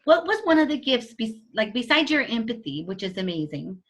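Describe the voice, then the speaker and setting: A woman's voice: on the high side, big pitch swings, fairly quick. A woman hosting a casual interview, encouraging her guest. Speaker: host, psychic teacher.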